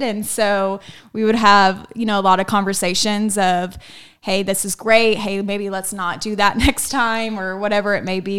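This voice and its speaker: A woman's voice: medium pitch, fairly bright tone, smooth. A young woman, telling upbeat stories in a casual chat about working with her mother. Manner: upbeat storytelling with small laughs. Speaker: salon colorist, guest.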